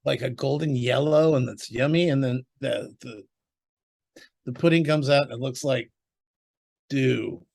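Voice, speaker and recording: Brief: male co-host, mid-pitch, deadpan teasing quips, casual banter. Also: unhurried, gravelly, pauses often. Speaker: podcast co-host. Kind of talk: casual chat.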